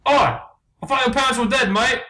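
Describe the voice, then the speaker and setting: A man voicing a brash young male cartoon bird in a put-on British accent, loud and full of slang, in an improvised comedy skit. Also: extremely high pitch, fairly quick, echoey room, voice pushed up, heavily acted. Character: brash young male macaw, rowdy bloke.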